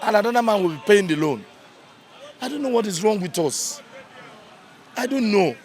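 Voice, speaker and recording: A man's voice: high voice, animated, moderate pace, a little mellow, a faint crowd. A man with a Nigerian accent giving angry street commentary, heated and repetitive for emphasis. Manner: heated, ranting, repeats points for emphasis. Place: outdoors in a busy urban street.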